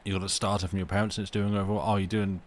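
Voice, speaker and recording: A fairly low-pitched man chatting casually with his live-stream viewers from home. He rambles and interrupts himself as he goes. A faint hum sits underneath the recording. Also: little pitch movement, rapid-fire. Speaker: livestream host reading stories aloud.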